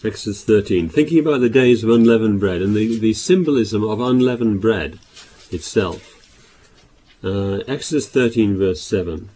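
Low, mellow-voiced preacher man, husky tone. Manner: reads scripture aloud louder, with halting restarts. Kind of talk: sermon.

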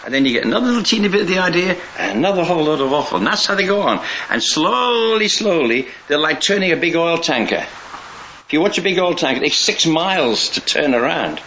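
A man's voice: a little high, very animated, fast, bright, forceful tone. A man preaching a sermon in a rambling, conversational way, often restarting his sentences and chuckling now and then. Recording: dull lo-fi recording with faint hiss.

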